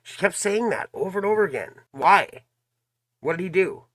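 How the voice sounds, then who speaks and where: A man's voice: high-pitched, animated, moderate pace. A man hosting a reaction video, talking emphatically and asking his audience questions. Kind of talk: casual commentary.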